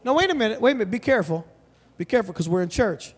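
A man preaching a sermon in a large church, animated and storytelling, often asking the crowd questions. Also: high-pitched, racing, breathy edge. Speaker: guest preacher. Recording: long hall reverb.

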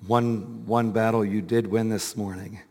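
Pastor with a strained voice preaching. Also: male voice, fairly low pitch, level tone, unhurried, darkish tone, big-room sound. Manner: earnest, rhetorical questions, rising to emphatic peaks. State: weak, strained voice. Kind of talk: sermon. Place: church sanctuary.

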